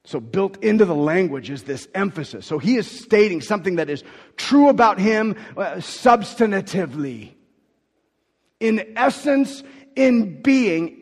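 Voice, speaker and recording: A man preaching a sermon in an emphatic, conversational way, restarting and repeating words as he goes. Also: fairly high pitch. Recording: long hall reverb.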